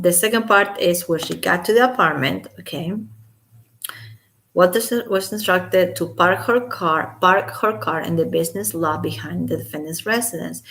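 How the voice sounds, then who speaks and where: A woman's voice: lowish voice, a bit bright. A woman at home reading a court filing aloud and breaking off into sarcastic, incredulous commentary, sometimes dropping to a whisper. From Los Angeles resident. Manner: sarcastic, incredulous asides, occasional whispered remarks.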